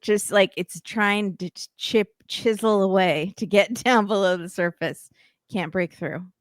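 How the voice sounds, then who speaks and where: A woman's voice: mid-range voice, a little slow, dry recording, studio quality. A woman guest chatting casually on a podcast, trailing off and restarting as she laughs along. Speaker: guest co-host. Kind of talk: casual chat.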